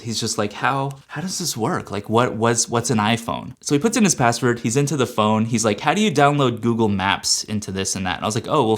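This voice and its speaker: A young man telling a casual storytime rant, exasperated and animated, acting out his side of the conversations. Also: mid-range voice. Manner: exasperated, animated, quotes people in dialogue. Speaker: YouTuber.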